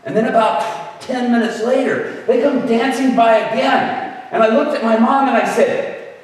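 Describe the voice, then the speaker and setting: A man giving an animated, conversational storytelling sermon as a guest speaker. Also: extremely high pitch, moderate pace. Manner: animated, conversational, often laughing. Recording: echoey hall, voice far from the mic.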